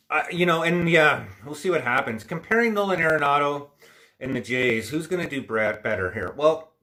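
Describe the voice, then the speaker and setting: A man's voice: mid-range voice, bright, forceful tone. A man hosting a casual livestream chat, talking in a rambling, opinionated, frustrated way, with a stuffy nose from allergies. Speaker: livestream host.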